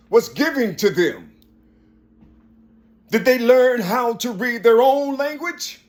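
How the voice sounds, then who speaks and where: A man delivering an impassioned monologue, asking one rhetorical question after another and rising to a shout. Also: sits high. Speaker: spoken-word speaker.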